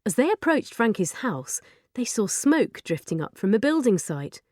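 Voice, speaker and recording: Woman, children's audiobook narrator, lively pitch, dry close recording. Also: moderate pace, no room sound. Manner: expressive, lively storytelling.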